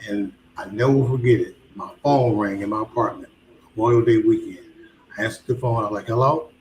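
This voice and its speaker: A man's voice: on the low side, steady tone, fairly quick. A man telling his life story as a guest, animatedly acting out both sides of conversations. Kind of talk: casual spoken storytelling. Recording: roomy echo with faint background hum.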